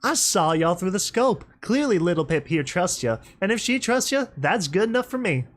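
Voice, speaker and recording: Brief: a man playing a folksy male pegasus with a Southern US drawl, cheerful and bright-voiced, audiobook reading. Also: high voice, big pitch swings, moderate pace, pitched above the performer's own voice. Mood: easygoing. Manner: friendly, drawling.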